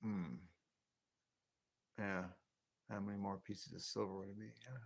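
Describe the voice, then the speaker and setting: A northern US man from near the Canadian border, in his late fifties, hosts a late-night livestream where he rambles, chats casually, and chuckles to himself. His lowish voice is steady, unhurried, slightly rough, and has vocal fry.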